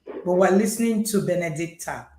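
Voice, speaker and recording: A woman hosting an interview, calm, giving short listening sounds and announcing her guest. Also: fairly low pitch, moderate pace. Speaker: podcast host. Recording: echoey room.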